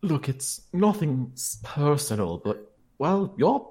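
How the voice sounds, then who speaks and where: A man narrating as game master of a tabletop role-playing podcast, playful and animated. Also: on the high side, slow, slightly rough.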